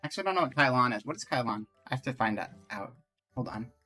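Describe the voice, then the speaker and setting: Casual streamer at mid pitch, talks to chat and reads game lines, soft music under it. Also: lively intonation, quick pace. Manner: chatty, reads game dialogue aloud.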